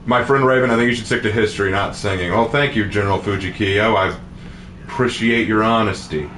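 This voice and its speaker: A man's voice: on the low side, a little fast, a bit bright. A man streaming a game, chatting casually and playfully while reading chat aloud. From United States. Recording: roomy echo with faint noise.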